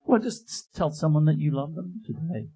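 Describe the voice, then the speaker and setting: A man's voice: fairly high pitch, lively intonation, fairly quick, warm tone, slightly rough, low-quality recording. A man co-hosting a live comedy podcast, telling a long rambling showbiz anecdote. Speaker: podcast co-host. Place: live venue with audience.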